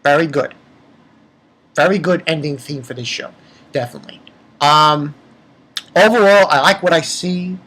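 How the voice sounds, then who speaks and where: A man's voice: fairly high pitch, normal speed, pauses often, a bit bright. A man giving a casual spoken review of an episode. He rambles, swears freely and often restarts his sentences. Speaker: anime reviewer.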